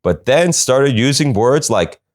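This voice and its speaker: A man's voice: mid-range voice, lively intonation, a little slow. A man hosting a comedy podcast, reading odd news stories and cutting in with sarcastic quips. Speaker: podcast host.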